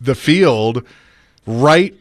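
Easygoing radio co-host. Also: male voice, mid-range voice, lively intonation, very slow, no room sound, clean studio sound. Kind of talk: casual sports radio chat.

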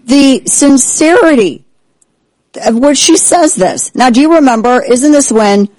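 A woman's voice: high voice, unhurried, dry recording, low-quality recording. Indignant woman host, dry close sound. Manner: indignant, sarcastic, animated. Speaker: political commentary host. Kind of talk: opinionated talk show commentary.

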